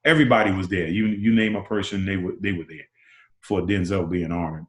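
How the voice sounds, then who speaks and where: A man in his sixties, a former basketball player, telling stories as an interview guest and acting out quotes with big jumps in pitch. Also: brisk. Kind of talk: animated storytelling. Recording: roomy echo.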